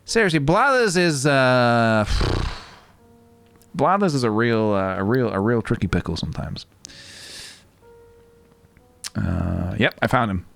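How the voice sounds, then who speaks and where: A man streaming a game and chatting casually, rambling with many pauses and restarts. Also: mid-range voice, animated, creaky, a bit bright. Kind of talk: casual gameplay stream chat. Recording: game music playing behind.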